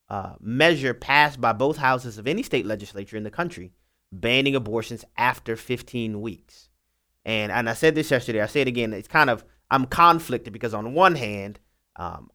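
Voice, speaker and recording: A man's voice: mid-range voice, pushed and bright. A man speaking as a legal analyst guest on talk radio, earnest and emphatic in his explaining.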